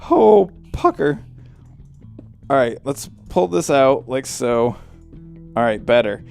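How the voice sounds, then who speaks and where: A man hosting a casual game commentary, chatty and excitable and quick to cry out in surprise. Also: medium pitch, creaky, clean tone, faint music behind. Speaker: let's play host.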